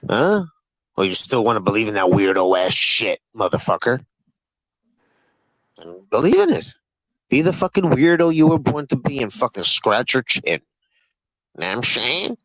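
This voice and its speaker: A man's voice: medium pitch, big pitch swings, normal speed, long pauses, a bit bright, dry recording, poor audio. A man hosting a heated livestream panel, swearing freely and needling his guests in a combative, mocking tone. His voice sits in an ordinary middle register and is recorded close and dry, with no room sound around it. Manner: profane, taunting and combative.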